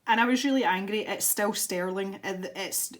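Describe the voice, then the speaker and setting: A young Scottish woman talks casually to her audience as she draws at her desk. Her talk rambles, trips over restarts and breaks into little laughs. Her pitch sits right in the middle. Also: normal speed. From Scotland. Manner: chatty, rambling, self-interrupting with laughs. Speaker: art YouTuber. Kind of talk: casual chat while colouring.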